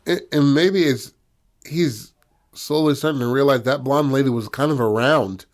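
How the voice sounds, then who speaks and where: A man co-hosting a podcast, talking through a story in casual, slang-filled chat and stressing his points. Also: mid-range voice. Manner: slang-heavy, emphatic, slows down to stress a point. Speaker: podcast co-host. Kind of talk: casual discussion.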